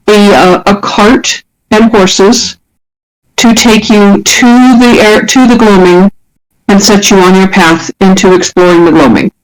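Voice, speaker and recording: A woman acts as game master for a tabletop role-playing session, describing scenes at length. Her voice sits at a middle pitch, and her phrasing often stumbles and restarts as she narrates. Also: rough recording. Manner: descriptive, with frequent restarts and fillers.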